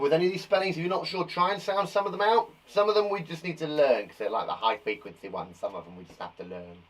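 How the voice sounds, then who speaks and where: A male teacher giving a cheerful, encouraging live spelling lesson to young children from a garden shed, saying each word slowly and clearly. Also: mid-range voice, fairly bright tone. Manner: cheerful, encouraging, slow and clear dictation of words. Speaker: primary school teacher.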